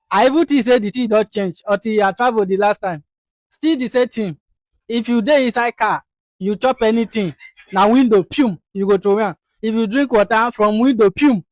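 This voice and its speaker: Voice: mid-range voice, no room sound. A video commentator reacting to a clip in a chatty way, mixing West African Pidgin into English.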